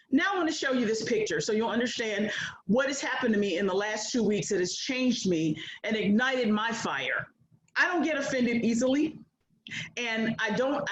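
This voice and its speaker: A woman's voice: on the high side, echoey room, low-quality recording. A woman in her sixties giving a bold, preacher-like motivational speech to an audience of women. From United States. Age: 60s. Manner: bold, preacher-like, mimics others. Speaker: guest speaker.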